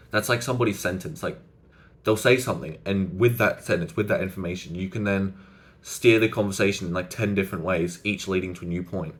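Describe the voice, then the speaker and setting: A young man talks through conversation tips straight to the camera, casual and unscripted, often stopping to rephrase. His voice sits a little low. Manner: loose and conversational, many "like" fillers and restarts. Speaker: social skills coach. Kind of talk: casual to-camera advice talk.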